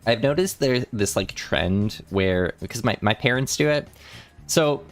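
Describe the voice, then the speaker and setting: A young man on a casual study livestream, working through math problems out loud, rambling and correcting himself as he talks to chat. His voice is still a little rough from the morning. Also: mid-range voice, animated, measured pace, soft background music. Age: young adult. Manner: rambling, self-correcting, chatty with chat readers. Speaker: vtuber math streamer.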